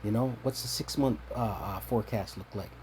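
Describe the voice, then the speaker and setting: A man with a low voice delivers a scripture teaching, reading verses and explaining them point by point. He keeps asking "right?" and stumbles through repeated words while he thinks. Faint background noise sits under his voice. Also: fairly quick, a little mellow. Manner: tags points with a questioning "right?"; restarts and repeats words when searching for them. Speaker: religious teacher.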